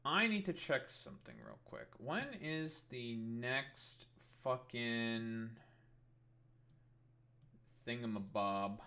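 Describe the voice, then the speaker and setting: A man's voice: mid-range voice, big pitch swings, takes it slowly, pauses often, sharp tone. A young man streaming, chatting casually in a rambling, sarcastic way with lots of swearing. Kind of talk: casual live-stream commentary.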